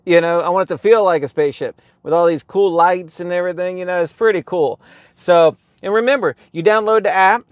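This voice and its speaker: A man's voice: high-pitched, brisk, smooth, dry recording. Rambling man showing off his car. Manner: rambling, relaxed, lots of ums and "right here". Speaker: car vlogger. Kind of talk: casual how-to vlog. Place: inside a car.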